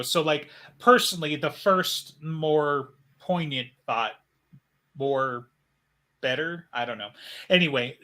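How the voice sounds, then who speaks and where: A man's voice: medium pitch, pushed and bright. A man co-hosting a casual fan podcast, rambling and speculative with lots of fillers. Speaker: podcast co-host.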